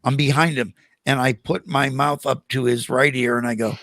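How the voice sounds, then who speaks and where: An older man, a guest on a podcast, telling animated stories in casual conversation and acting out the voices of the people in them. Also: medium pitch, moderate pace, dry recording. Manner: animated anecdotes with acted-out quotes. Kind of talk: casual storytelling interview.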